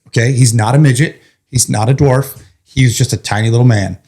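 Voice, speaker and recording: A man with a middle-pitched voice tells his own story in a loose, joking podcast chat. He acts out what others said as he goes, with a firefighter's plain way of talking. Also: brisk. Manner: animated, joking, acts out quotes. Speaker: firefighter guest. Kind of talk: casual storytelling.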